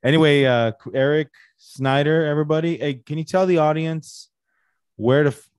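A man's voice: fairly high pitch, moderate pace, darkish tone, clean tone, dry recording. Guy hosting a live stream talk, loose and jokey, swears some, dry close mic. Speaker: podcast host. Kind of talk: casual chat.

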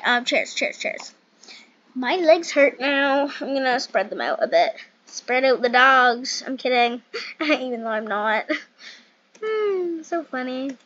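Giggly high-voiced woman gaming. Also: fairly bright tone, lo-fi sound. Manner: giggly, self-mocking, rambling. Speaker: game YouTuber. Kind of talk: casual gameplay commentary.

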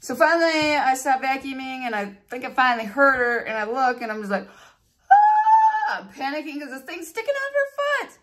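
A woman beauty vlogger telling stories and walking through a hair tutorial in a chatty, animated way. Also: high voice, a little fast, hardly any pauses. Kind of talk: casual storytelling and hair tutorial.

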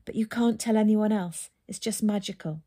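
A woman voicing an excitable, flustered middle-aged male birdwatcher who talks eagerly and breathlessly. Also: medium pitch, moderate pace, pitched above the performer's own voice, close to an everyday voice. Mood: excited.

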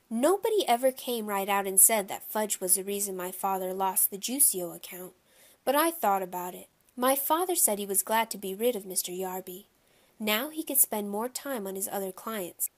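A woman narrating a children's audiobook in the first person, telling the story in a steady, clear way. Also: mid-range voice.

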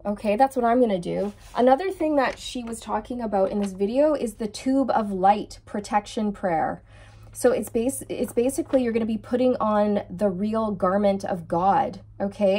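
An earnest woman talks through a spiritual reading in a casual, heartfelt way. She sounds emotionally moved and keeps turning to her viewers with little check-ins. Her voice sits at an ordinary middle pitch. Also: darkish tone. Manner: earnest, keeps checking in with okay and you guys. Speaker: tarot reader. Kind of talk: casual spiritual channeling chat.

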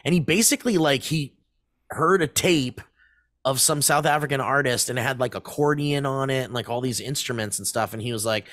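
A man's voice: medium pitch, fairly quick, a bit bright, no room sound, studio quality. A man in his thirties co-hosting a podcast, rambling through a casual story with plenty of swearing and laughter. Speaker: podcast co-host. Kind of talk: casual chat.

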